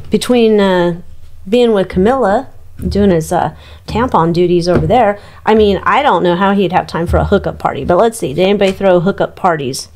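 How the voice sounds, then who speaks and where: Chatty woman, irreverent tarot reader, mid pitch, gossipy asides. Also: a little hiss or hum. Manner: gossipy, irreverent, frequent ums and laughs. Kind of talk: casual chatty tarot reading.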